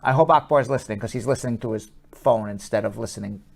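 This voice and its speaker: A man with a New York accent, an immigration lawyer hosting a call-in advice show, brisk and reassuring. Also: mid-range voice, gravelly, a little mellow. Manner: brisk, reassuring, talks over callers.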